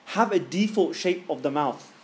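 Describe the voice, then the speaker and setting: A man teaching a tajweed class in a casual, joking way, stretching out sounds slowly and loudly to demonstrate them. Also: on the high side, expressive.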